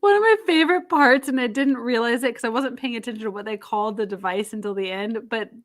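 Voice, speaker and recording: A woman co-hosting a podcast in lively casual chat, acting out characters' lines as she retells scenes. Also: a little high, fast talker. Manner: animated, acts out quotes, laughs often. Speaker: podcast co-host.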